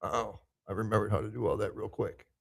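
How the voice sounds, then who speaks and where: Gravelly-voiced man host, loose and profane. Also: on the low side, steady tone, fast. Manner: loose, profane, talks to himself while setting up. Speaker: podcast host. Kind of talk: casual pre-show chat. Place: big echoey room. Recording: echoey live room.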